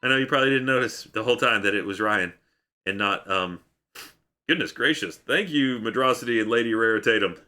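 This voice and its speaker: A man's voice: on the low side, fairly quick, pushed and bright. A male streamer chatting casually on a live stream, full of rambling, self-mocking asides.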